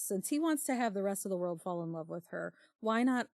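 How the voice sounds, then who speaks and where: A woman's voice: medium pitch, expressive, brisk, gravelly, few pauses, a little mellow, no echo, clean studio sound. A woman co-hosting a book club podcast, summarizing the plot with wry, casual asides.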